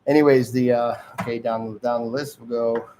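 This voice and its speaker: A man's voice: medium pitch, fairly even intonation, moderate pace, warm tone, a little hiss or hum. Rambling, chuckling man from Detroit. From Detroit area, Michigan. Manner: digressive, chuckling often, trailing off and restarting. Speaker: host of a homemade magazine show. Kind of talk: rambling casual monologue.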